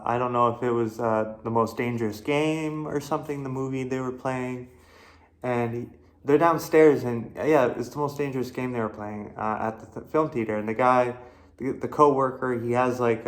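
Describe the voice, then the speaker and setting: A man hosting his own horror film review, talking casually with lots of fillers, restarts and swearing. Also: medium pitch. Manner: rambling, profane, many fillers and restarts. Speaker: host.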